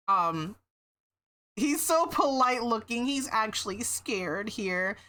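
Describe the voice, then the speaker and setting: A woman's voice: mid-range voice, expressive, unhurried, fairly bright tone. A woman streamer in casual livestream chat, meandering with many fillers and restarts, swearing now and then.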